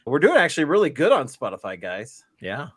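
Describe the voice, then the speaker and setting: A man's voice: medium pitch, huge pitch swings, brisk, no echo. A man hosting a podcast in casual chat, rambling and laughing through his words. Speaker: podcast host.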